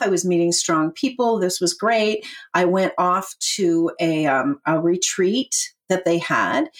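A middle-aged woman telling her life story as a podcast guest, animated and laughing often as she acts out what she and others said. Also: lowish voice. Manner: animated, laughs often, quotes herself in voices.

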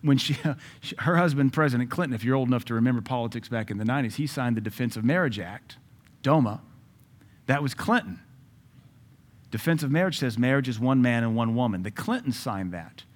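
A man preaching a sermon in an emphatic, conversational way, with asides to his listeners and sudden loud rises. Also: mid-range voice, lively intonation, brisk. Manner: jokes and asides to the audience.

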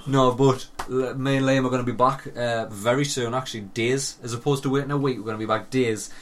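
A man in his thirties chatting as a podcast host in an ordinary mid-range voice. He swears freely and jokes around, breaking into loud laughs. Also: medium pitch, fairly even intonation, brisk, slight background noise. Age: 30s. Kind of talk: casual podcast chat.

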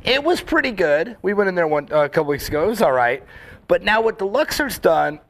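A man in casual chat, telling rambling, animated stories full of fillers and acting out quoted lines. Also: sits high, a little fast. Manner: acts out quoted lines in the story.

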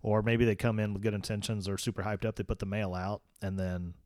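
A man co-hosting a casual podcast, talking in a quick, easygoing way with short agreeing replies. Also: lowish voice, steady tone, darkish tone, no room sound, studio quality. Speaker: podcast co-host. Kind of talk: casual chat.

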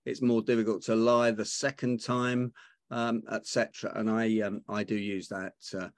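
A man hosting, talking in a relaxed, conversational way with some fillers. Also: fairly low pitch, moderate pace. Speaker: host. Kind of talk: casual chat.

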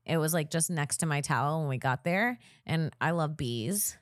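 A woman with a somewhat low voice tells a story in relaxed podcast chat, sprinkling "like" through her sentences. She is close on the mic in a dead, dry room, and she sounds animated. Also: moderate pace, no room sound. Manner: animated storyteller, heavy use of "like". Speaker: comedian and podcast co-host.

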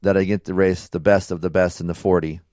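A man's voice: deep voice, fast talker, dry recording, clean studio sound. A man co-hosting a podcast in casual chat, rambling and profane as he tells stories. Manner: rambling, profane, animated storytelling. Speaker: podcast co-host.

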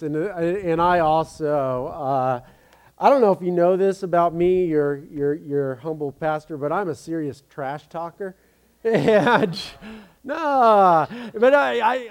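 A pastor gives his congregation a relaxed, jokey sermon packed with "uh"s and restarts. For a man his voice is high, and it comes across smooth and clear as he chats along.

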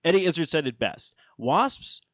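A man's voice: fairly high pitch, very animated, moderate pace, a bit bright, no echo, muffled recording. A man hosting a podcast in casual chat, rambling and swearing his way through everyday stories. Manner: rambling, profane storytelling. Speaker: podcast host.

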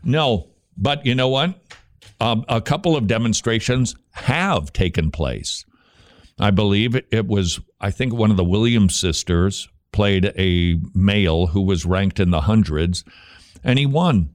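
Sarcastic, animated male talk host. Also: on the low side, measured pace, dry recording. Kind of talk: opinionated commentary.

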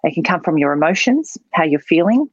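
A woman's voice: lowish voice, big pitch swings, fairly quick, slightly rough, dry recording. A woman speaking as a voice and public speaking coach, explaining how tone works. Her voice has a muffled, lo-fi quality. It sounds dry, with no room around it. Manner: explanatory, demonstrating voice types. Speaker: public speaking trainer and guest. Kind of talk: podcast interview answers.

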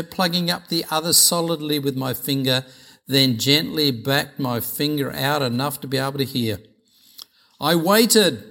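A man preaching a sermon with personal testimony, earnest and measured, often repeating phrases. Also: a little high, a bit bright.

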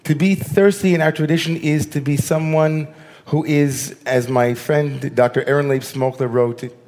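A man, a rabbi giving a sermon, telling stories that swing between animated bursts and hushed, slow lines. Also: a little high.

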